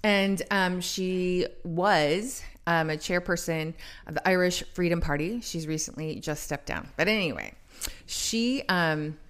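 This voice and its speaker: Chatty woman podcast co-host, lowish voice. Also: measured pace, fairly bright tone. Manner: chatty, rambling explanations with many fillers. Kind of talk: casual podcast chat.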